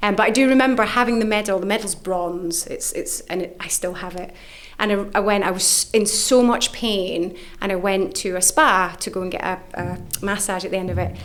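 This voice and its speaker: A middle-aged woman, an author and coach, chatting in a podcast interview. She tells her stories with real animation, acting out the other people in them. Her pitch swings high for the quoted lines. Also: a little fast, hardly any pauses. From United Kingdom. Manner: animated, acts out quoted voices with big pitch jumps. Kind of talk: lively storytelling in an interview.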